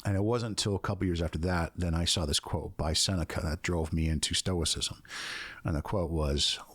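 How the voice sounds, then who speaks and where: A man's voice: low voice, fairly even intonation, a little fast, a bit bright, husky, dry recording. A man who is a guest on a podcast, explaining ideas in a casual, earnest and reflective way. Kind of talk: casual conversation.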